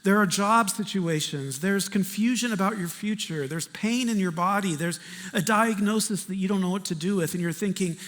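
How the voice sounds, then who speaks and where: Animated high-voiced pastor in a big hall. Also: male voice, moderate pace. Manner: animated, conversational, swings between loud and hushed. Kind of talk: storytelling sermon. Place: church sanctuary. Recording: reverberant church hall.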